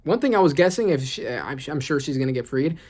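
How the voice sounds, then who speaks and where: A host reading comic panels aloud and reacting excitedly in casual commentary, often asking "right?". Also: mid-range voice, fast. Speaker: manga reaction channel host.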